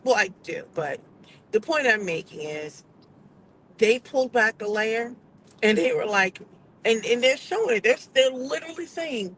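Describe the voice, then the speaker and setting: Chatty American woman with faint engine rumble. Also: lively intonation, normal speed, fairly bright tone, rough recording. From United States. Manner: chatty, digressive, acts out quoted voices. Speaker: vlogger. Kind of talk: casual opinion commentary.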